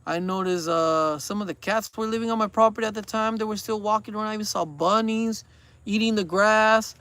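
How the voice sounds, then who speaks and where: Vlogger in his forties with a high voice, earnest and preachy, rambles and repeats himself. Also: fairly quick, bright, forceful tone, smooth. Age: 40s. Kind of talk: casual rambling chat.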